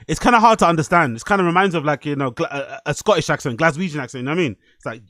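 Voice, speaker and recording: A man's voice: fairly high pitch, rapid-fire, few pauses, a bit bright, dry recording. A man hosting a casual reaction podcast, rambling and swearing with frequent asides. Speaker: podcast host.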